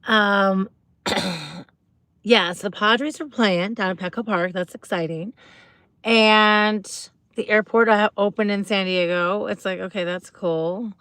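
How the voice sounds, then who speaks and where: A bubbly woman hosts a relaxed livestream, chatting to her viewers and greeting them one by one. She rambles with fillers and restarts. Her voice sits mid-range and sounds close and dry, with no room echo. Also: medium pitch, slow, smooth. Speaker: livestream host. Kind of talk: casual livestream chat with viewers.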